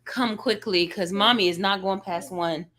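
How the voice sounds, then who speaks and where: A young woman talks casually to her livestream viewers from her bedroom, rambling and candid. She sounds worn out and overwhelmed as she vents. Her voice sits at an ordinary middle pitch. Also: normal speed, crowd noise. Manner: candid, rambling, emotional venting. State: tired and overwhelmed. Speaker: livestream vlogger. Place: bedroom at home.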